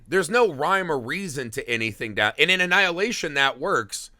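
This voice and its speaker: A man co-hosting a podcast, chatting casually about a film in an animated, profane, rambling way, acting out bits of dialogue. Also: a little high, fairly quick, no room sound, studio quality. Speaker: podcast co-host. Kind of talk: casual movie review chat.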